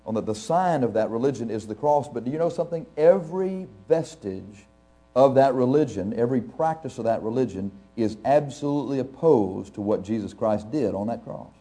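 A male pastor with a warm, medium-pitched voice preaches to a live congregation, animated and a little fast. His style is conversational and anecdotal; he chuckles often and speaks straight to the audience, asking them questions.

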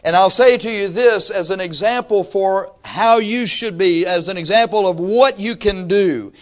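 A man's voice: high voice, moderate pace. A man, preaching a sermon in a folksy, conversational way with emphatic rising bursts. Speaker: pastor.

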